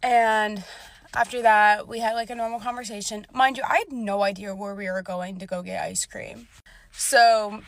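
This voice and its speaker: A woman's voice: medium pitch, steady tone, normal speed, gravelly. A young woman telling a casual storytime about a bad date, chatty, full of "like" and swearing freely.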